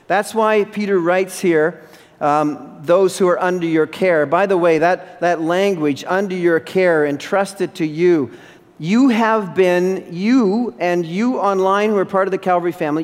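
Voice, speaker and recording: A man's voice: high voice, a little slow. A male pastor delivering an emphatic sermon in a church, repeating phrases for stress. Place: church sanctuary. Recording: long hall reverb.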